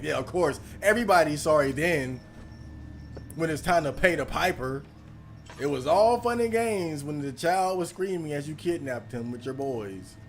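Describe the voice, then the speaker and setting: A man talking over a game he plays, animated and profane, laughing through his reactions. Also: on the high side, slight background noise. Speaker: gaming channel host. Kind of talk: let's play commentary.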